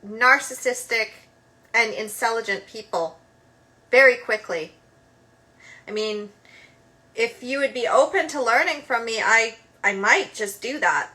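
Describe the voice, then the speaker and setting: A woman's voice: on the high side, pushed and bright. A woman hosting her own show, talking casually and emphatically, with lots of filler words. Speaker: host. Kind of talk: casual monologue.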